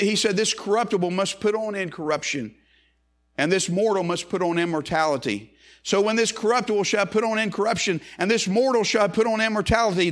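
A man preaching a sermon as pastor, swinging from quick, low asides to slow, high, emphatic rises on key phrases. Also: fairly bright tone.

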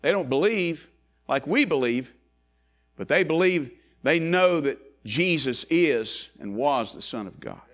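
A man preaching a sermon, swinging from loud rising calls to hushed low phrases and repeating lines in a building cadence. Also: lively intonation, moderate pace, creaky.

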